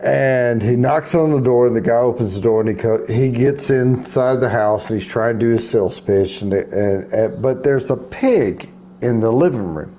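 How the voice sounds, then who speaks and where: A man working through a long joke among friends, circling back with restarts and little asides. His voice is mid-pitched and ordinary, with a faint hiss in the background. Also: moderate pace, hardly any pauses, dark tone. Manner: rambling, with many restarts and asides. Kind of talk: telling a long joke in casual chat.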